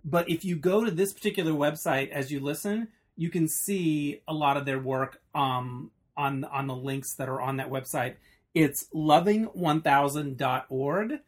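A man's voice: fairly high pitch, a little slow. A man hosting a podcast interview, chatty and enthusiastic, with frequent ums. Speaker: podcast host.

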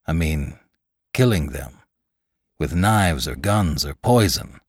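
A male narrator doing a cold, menacing corpse come back to life, speaking in a low, quiet voice. The delivery is slow and deliberate, with a dry, close sound. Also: animated, breathy edge, dry recording, full character voice. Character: pale, cold dead man risen from the grave.

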